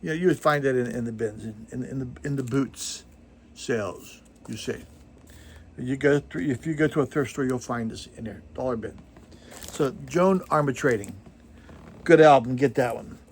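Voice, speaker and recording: Medium-pitched and moderately paced, an older male vinyl channel host speaks casually to the camera. His talk rambles, drifts into digressions, and is self-deprecating and packed with fillers. Slight background noise is audible.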